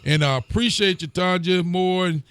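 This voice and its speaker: High-voiced sheriff chatting with viewers. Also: male voice, normal speed, a bit bright, clear, resonant tone. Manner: friendly, greets viewers by name, laughs easily. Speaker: county sheriff and show host. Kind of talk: casual chat reading out viewer comments.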